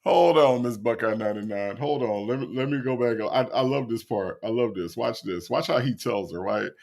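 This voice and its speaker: Here a commentary host reacts casually in a brisk, gravelly, mid-range voice. Animated and laughing often, he addresses his viewers directly.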